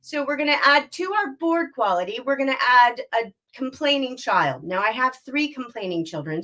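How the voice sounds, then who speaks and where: Bright high-voiced woman vocal coach. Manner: instructive, demonstrates bored and whiny tones and sung exercises. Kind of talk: live online vocal warm-up class.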